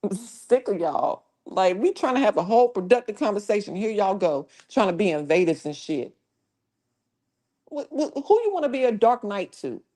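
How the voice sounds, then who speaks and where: A woman hosting a casual livestream who curses freely and talks down trolls in her chat. Her voice sits at an ordinary middle pitch. She keeps a blunt, scolding tone as she talks straight into her mic. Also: animated, normal speed, dark tone. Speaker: livestream host.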